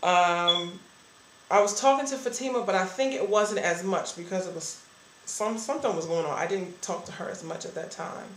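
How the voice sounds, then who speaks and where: A woman's voice: on the low side, normal speed, fairly bright tone, echoey room, a little hiss or hum, rough recording. A woman giving a candid, earnest personal testimony about her church life. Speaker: church member sharing a testimony.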